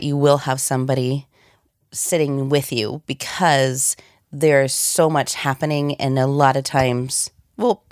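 A voice actor guest with a cold chats animatedly through a casual interview, laughing often. She has a bass voice, captured in studio quality with no echo at all.

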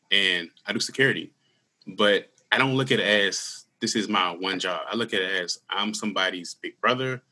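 A man in his thirties telling his personal story in an interview, earnest and candid, with halting restarts. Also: lowish voice, pushed and bright. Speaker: guest; school security worker.

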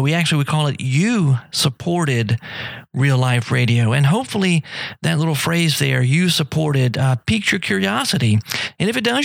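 A man's voice: fairly high pitch, gravelly, no room sound. A middle-aged man hosting a live radio show, chatting casually and rambling with many fillers and restarts. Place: radio studio.

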